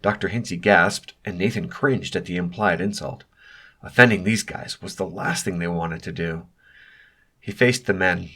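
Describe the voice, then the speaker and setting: A man reading an audiobook as narrator, telling the story in an even, steady way. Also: low-pitched. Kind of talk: scripted narration.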